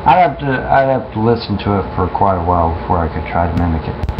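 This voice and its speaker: A man's voice: deep voice, animated, fast. Profane rambling man on a muffled stream. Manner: profane, rambling, repeats and restarts often. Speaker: streamer talking to listeners. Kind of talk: casual rambling storytelling. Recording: muffled with clear background noise.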